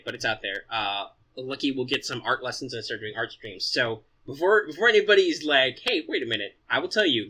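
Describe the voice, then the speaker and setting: A man chatting on a casual podcast with a very bright, forward tone and a husky edge. He lays out plans at length in an upbeat, explanatory way. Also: mid-range voice, rough recording. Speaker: podcast co-host. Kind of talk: casual chat.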